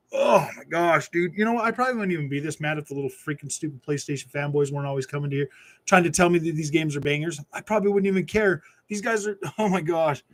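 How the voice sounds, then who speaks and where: A man hosting a gaming livestream, ranting in frustration with lots of stammered restarts while reading chat. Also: sits high. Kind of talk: ranting live stream chat.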